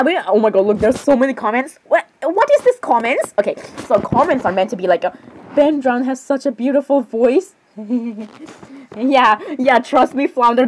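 A woman chatting in character while reacting to a video, giggling often and apologizing between excited outbursts. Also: a little high, a little fast, slight background noise, low-quality recording. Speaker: role-play reaction streamer.

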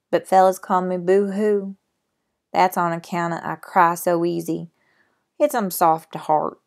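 A woman voicing a soft-hearted, weepy cowboy man with a folksy Western American drawl. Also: mid-range voice. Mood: sheepish. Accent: Western American drawl, put on.

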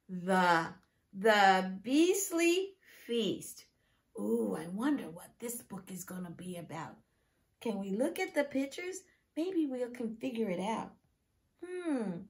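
A woman teacher reading a picture book aloud to preschoolers, asking them questions in an exaggerated, animated way. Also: fairly high pitch.

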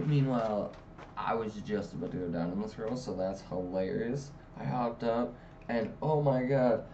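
Man, casual comedy storytelling, profane, rambling, mid-pitched voice, distant mic, dull lo-fi sound. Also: slight background noise. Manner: rambling, profane, animated, acts out quotes with loud pitch jumps.

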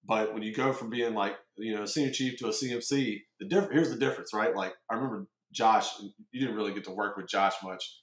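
A man in his forties hosting a podcast, telling stories in a casual, profane, animated way. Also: on the low side, fairly quick, few pauses, reverberant. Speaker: podcast host. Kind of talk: casual interview chat.

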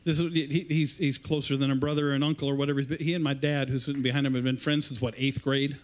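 A man's voice: medium pitch, flat delivery, quick pace. A man preaching an informal sermon to a church congregation, rambling and often repeating and restarting his words. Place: church service.

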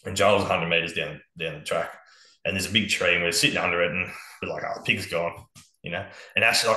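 A man's voice: sits low, fairly even intonation, fast, pushed and bright, reverberant, rough recording. An Australian man telling hunting-camp stories as a podcast guest, laid-back and swearing freely. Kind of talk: casual storytelling on a podcast.

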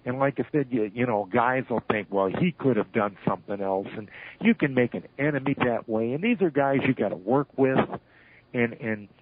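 An older man, a retired wrestling referee, telling animated stories in an interview and acting out the lines he quotes. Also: medium pitch, normal speed, slight background noise. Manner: animated storyteller who acts out shouted quotes. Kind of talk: storytelling interview. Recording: tinny phone line.

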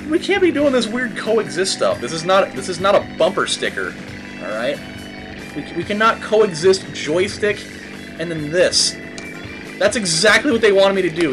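A man giving casual gaming commentary. He rambles, swears, fills every pause with "like" and "dude", and shouts at the game when it goes wrong. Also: sits high, very animated, over music. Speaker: let's play host.

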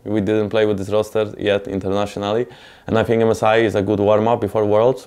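A man, an esports team player, speaking in a measured way in a documentary interview, often saying "you know". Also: lowish voice, a little mellow, clean tone.

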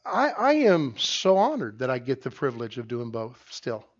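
A middle-aged man, the pastor, preaching a sermon loudly and emphatically, often restarting his sentences. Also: medium pitch, huge pitch swings, moderate pace, lo-fi sound. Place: church sanctuary.

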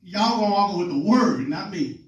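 High-pitched preacher guy teaching a congregation, laid back, echoey room, mic kinda far off. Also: animated, brisk. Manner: informal, calls on the congregation, retells scripture in plain talk. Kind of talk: teaching sermon.

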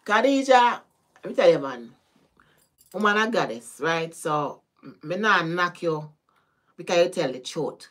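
A woman with a Caribbean patois accent, a tarot reader chatting casually with her live-stream viewers, animated, laughing and swearing freely. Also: on the low side, a little slow, pauses often. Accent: Caribbean, Jamaican-style patois.

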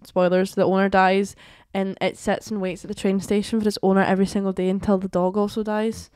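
A woman's voice: medium pitch, flat delivery, brisk, darkish tone, clean tone, dry recording, studio quality. A woman chatting on a podcast, hesitant and apologetic with lots of ums. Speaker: podcast guest. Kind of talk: casual chat.

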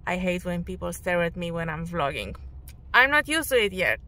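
Woman, 30s, radio presenter type, non-native English, candid vlog delivery, bright tone. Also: on the low side, sing-song, moderate pace. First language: Romanian. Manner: loud, emphatic and frank. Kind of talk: casual personal vlog.

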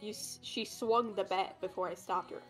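A woman's voice: mid-range voice, steady tone, normal speed, fairly bright tone, faint music behind. A woman streamer chatting and reading a story aloud in a jokey, laughing way.

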